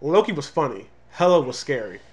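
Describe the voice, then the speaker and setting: A man with a slightly higher voice chats through a casual movie review. He talks animatedly, jumping into quick character voices now and then. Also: sing-song, a little mellow. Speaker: comic review show co-host.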